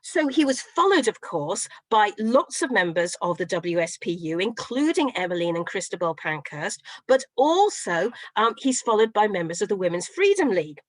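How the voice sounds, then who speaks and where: A middle-aged woman professor giving an online history lecture, telling it as a lively story with frequent fillers. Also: mid-range voice, moderate pace, few pauses, no echo, poor audio. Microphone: video call.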